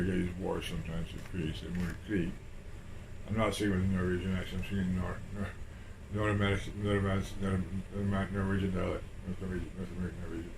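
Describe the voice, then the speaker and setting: A man's voice: low voice, gravelly. A man chatting casually in a rambling way, repeating himself and swearing now and then. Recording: roomy and distant with air-conditioner hum.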